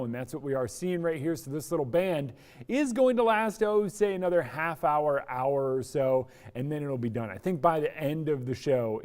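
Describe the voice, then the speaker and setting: A man's voice: fairly high pitch, darkish tone. A man presenting a live TV weather forecast in an upbeat, chatty way, explaining weather with everyday comparisons. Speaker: TV meteorologist.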